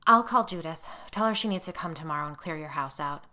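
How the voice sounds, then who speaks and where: A woman voicing an anxious, frazzled woman friend who talks in a hurried, flustered way, in a storybook reading. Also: sits low, expressive, pushed and bright. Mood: urgent.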